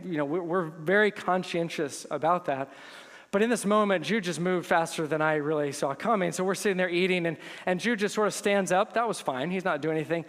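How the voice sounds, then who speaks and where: A man with a high, bright preaching voice delivers a sermon, telling stories in an animated way and building to emphatic intensity. His voice rings out with a long, lingering reverb from a church sanctuary. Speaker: pastor.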